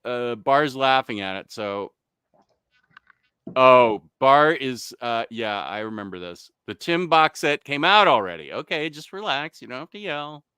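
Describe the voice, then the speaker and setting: A man hosting a relaxed live chat show, reading comments aloud and laughing easily. His voice is bright and crisp. The mic is close and dry, with no room sound. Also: medium pitch, unhurried, no room sound. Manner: chatty, laughs often, loses his train of thought. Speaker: livestream host reading chat.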